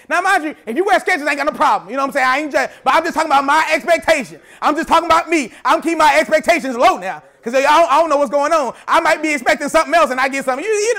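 A young man preaching a sermon, telling a story and repeating phrases as he builds to shouting. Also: very high voice, vocal fry. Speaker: pastor.

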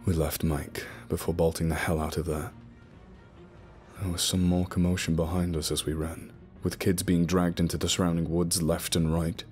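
A man narrating a spooky story in the first person, telling it in a steady, low-key way. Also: moderate pace. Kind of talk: scripted horror narration. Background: soft music.

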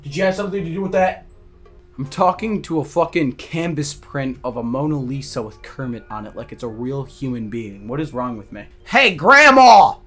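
A young man hosting a gaming channel, talking through a horror game, jumpy and quick to yell and swear when startled. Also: mid-range voice, soft background music. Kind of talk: gaming commentary.

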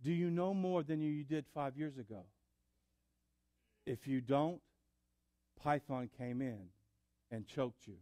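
A man preaching a sermon in church, building up to loud fervor. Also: medium pitch, a little slow, pauses often, no room sound. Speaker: pastor. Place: church sanctuary.

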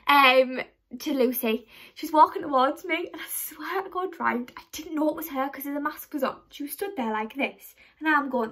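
Her voice is high and fairly bright, at a moderate pace, as this young woman vlogs casually to the camera. She rambles chattily through her stories, often mocking herself along the way.

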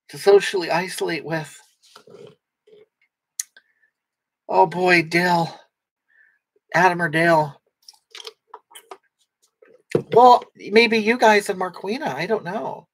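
Guy putting on a breathy middle-aged lady, crude and weepy, rambles and restarts, reading chat on a comic livestream. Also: high-pitched. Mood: indignant. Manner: rambling, halting, with frequent restarts. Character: brash, tearful, crude middle-aged woman. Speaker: livestream host reading comments.

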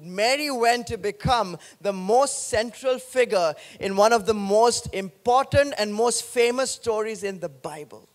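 High-voiced man preaching a sermon. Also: a little slow. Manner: animated, joking with the congregation. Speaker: pastor.

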